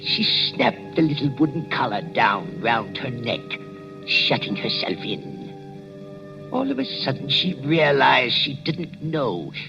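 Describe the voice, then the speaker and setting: Casting: an old jittery night watchman, gravelly, slow and drawn out, high and sing-song, 1940s radio drama, muffled broadcast sound. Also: huge pitch swings, over music, heavily acted. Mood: ominous. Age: older. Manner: hesitant, halting storyteller. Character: old nervous male wax museum watchman.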